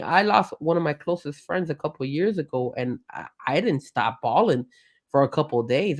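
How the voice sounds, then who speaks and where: A man co-hosting a live show, talking emotionally in a loose, rambling way. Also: medium pitch. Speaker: co-host. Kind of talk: casual live show chat.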